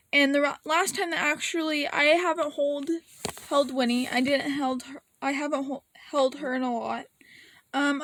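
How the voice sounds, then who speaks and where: A woman vlogger speaks in a high-pitched, slightly bright voice with no room sound. Her casual rant wanders and runs emotional, with offhand swearing, laughs, and moments where she's almost in tears.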